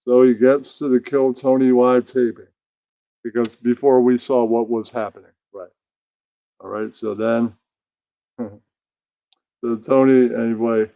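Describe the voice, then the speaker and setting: Man, puppet show host: slow, dark-toned, casual rambler, dry sound. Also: medium pitch, level tone, no echo. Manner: rambling, mumbles to himself between bits. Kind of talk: casual comedic narration.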